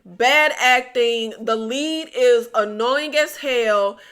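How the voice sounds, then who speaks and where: Woman, film reviewer, casual chat, high voice, blunt, exasperated. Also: slow, a bit bright, clear, resonant tone. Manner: blunt, exasperated, chatty with the viewers. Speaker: movie reviewer.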